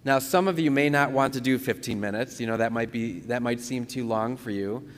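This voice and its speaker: Man priest, slow calm prayer leader. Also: mid-range voice. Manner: slow, calm, repeats phrases with pauses for breathing. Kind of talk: teaching and leading a guided prayer. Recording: long reverberant room sound.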